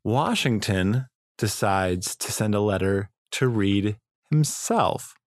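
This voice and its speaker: Animated male history storyteller, dry mic. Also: on the low side, slow pace, no echo. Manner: animated, swearing, dramatic asides. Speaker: history podcast host. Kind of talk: casual storytelling chat.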